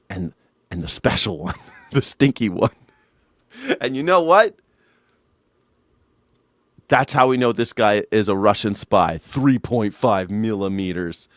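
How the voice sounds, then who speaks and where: A man's voice: mid-range voice, no room sound. A male host reacting to the news live, swinging between sarcastic jokes and put-on indignation in a mid-range voice. He talks into a studio mic through a mixer. The sound is dry, with almost no room around him. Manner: sarcastic mock-outraged ranting.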